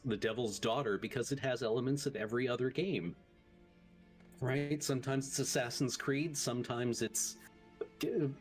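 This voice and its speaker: A stream co-host in casual chat, reading subscriber thanks and stumbling over names. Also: mid-range voice.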